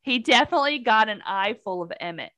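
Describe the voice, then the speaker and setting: A woman with a fairly high voice chats casually on a podcast. She retells a story with lively swings in pitch, acting out the characters' lines with sarcastic asides. The sound is dry and close. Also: fast, dry recording, muffled recording. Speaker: podcast co-host. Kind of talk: casual chat recapping a book.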